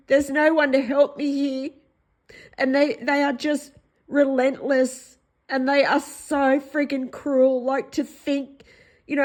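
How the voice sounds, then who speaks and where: Slow-talking, hoarse, pleading Australian woman. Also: high voice, low-quality recording. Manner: pleading, upset, repeats herself. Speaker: vlogger. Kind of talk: distressed personal vlog monologue.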